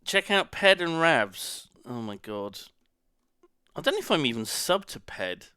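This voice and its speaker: Bright-voiced male streamer, slow and lively. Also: fairly high pitch, smooth, dry recording, studio quality. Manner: rambling, reacts to chat, swears casually. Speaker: live streamer. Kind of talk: casual stream chatter.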